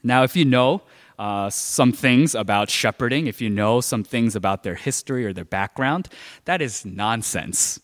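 A man's voice: medium pitch, expressive, moderate pace. Man, pastor, conversational sermon, lots of fillers, long reverb hall. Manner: conversational, heavy use of filler "like". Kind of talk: sermon told as a personal story.

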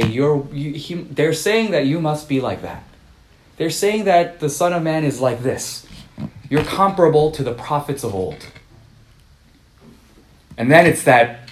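Male pastor, mid-pitch, casual rambling sermon delivery; roomy reverb, faint noise. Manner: conversational, many "uh" fillers and restarts.

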